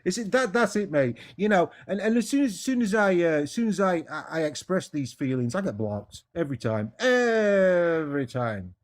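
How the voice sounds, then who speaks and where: A man's voice: sits high, sing-song, moderate pace, few pauses. An English man debating as a caller, talking passionately and stumbling over repeated words. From England. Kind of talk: heated casual debate.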